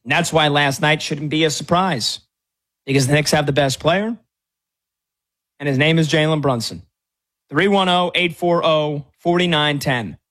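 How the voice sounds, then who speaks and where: A man's voice: a little high, unhurried, pauses often, a bit bright. A man hosting sports talk radio, arguing his case in a brash, mocking way.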